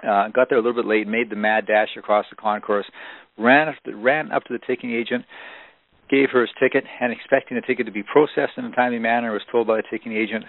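A man's voice: medium pitch, steady tone, fast, creaky, dry recording. A man giving a motivational business seminar for audio CD, telling stories with emphasis and frequent restarts. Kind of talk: recorded seminar talk for audio CD. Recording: dry, phone-like narrow band.

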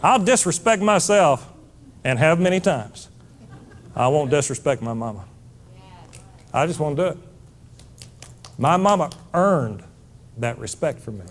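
Middle-aged male speaker, emphatic live talk, pitch on the high side, very animated delivery. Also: measured pace, pauses often. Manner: emphatic, preachy, rising to near-shouts. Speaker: motivational speaker.

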